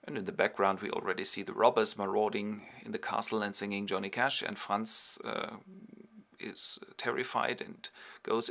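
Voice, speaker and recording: A man's voice: fairly low pitch, normal speed, creaky. A man, hosting a playful comic retelling of a play with toy figures. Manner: playful, animated. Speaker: host.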